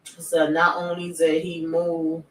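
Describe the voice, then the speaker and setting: A woman's voice: fairly low pitch, monotone, slow pace, echoey room, recorded from a distance, rough recording. A woman hosting a casual TV recap chat, telling the story loosely in slang and reading viewer comments aloud. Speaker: show host.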